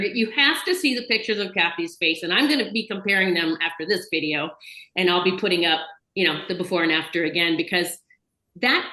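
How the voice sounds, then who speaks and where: A woman's voice: mid-range voice, sharp tone, echoey room, rough recording. A woman hosting a casual video chat interview, chatty and enthusiastic, talking in long run-on bursts over a video call. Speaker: host.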